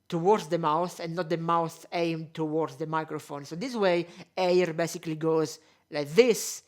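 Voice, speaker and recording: Chatty woman with a low voice. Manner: chatty, explains as she goes, frequent fillers. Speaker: streamer testing microphone gear. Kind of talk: casual demonstration vlog. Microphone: desktop condenser microphone.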